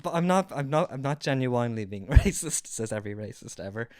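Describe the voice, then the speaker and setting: A woman's voice: rumbling low, lively intonation, a little fast, darkish tone. A young woman who streams for a living joins a podcast as a guest. Her talk is loose, self-mocking banter, broken up by frequent laughs. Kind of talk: casual comedic chat.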